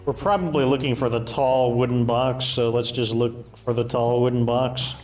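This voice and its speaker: A man's voice: mid-range voice, fairly even intonation, moderate pace, a little mellow, faint music behind. Chatty male game streamer. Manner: chatty, offhand, thinks aloud while playing. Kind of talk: casual gameplay commentary.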